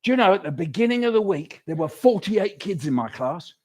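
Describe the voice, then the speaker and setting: High-pitched and fairly quick, an older man performs as a children's author in an awards-event hall. He entertains the children with comic tales, full of energy, and draws them into call-and-response.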